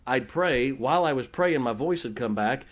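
A man's voice: mid-range voice, expressive, normal speed. A man preaching a sermon as pastor, telling folksy stories and joking with his congregation.

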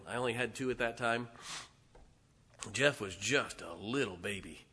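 A man preaching a sermon, telling a story in an animated way with loud bursts and soft asides. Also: fairly low pitch, normal speed, husky.

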